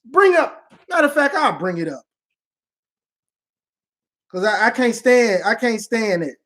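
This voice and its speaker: A man's voice: very high voice, very animated, measured pace, fairly bright tone. A man answering fan questions in casual, slangy talk, trash-talking and laughing often. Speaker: online sports commentator. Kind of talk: casual live Q&A.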